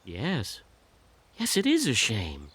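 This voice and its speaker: A bashful, eager male hippo from a cartoon, who stammers and lights up at any praise. His voice leaps up and down with bright, lively energy. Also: medium pitch, slow pace, slightly rough, full character voice. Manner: bashful, stammering, easily flattered, theatrical when reading aloud.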